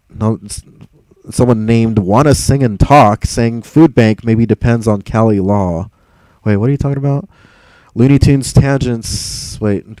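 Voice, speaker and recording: This young livestream host reads through comments in a casual, rambling, exasperated way, cursing freely and laughing as he goes. His voice is fairly low, mellow and dark, captured close and dry without room sound on a low-quality recording.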